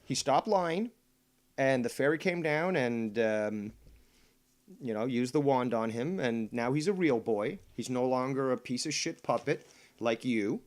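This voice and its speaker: A man's voice: medium pitch, expressive, a little slow. A man comments on clips during a casual livestream. He mocks his target with sarcasm and the odd curse. He often hesitates and restarts his sentences. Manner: mocking, hesitant with fillers and restarts, profane.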